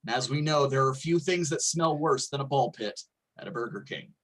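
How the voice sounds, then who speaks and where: A woman narrating a tabletop game as game master, in a playful, deliberate way. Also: extremely low pitch.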